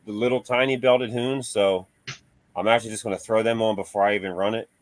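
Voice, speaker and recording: A man's voice: fairly low pitch, steady tone, fast talker, dry recording. A man in casual chat about remote-control cars, laid-back and chatty, laughing often.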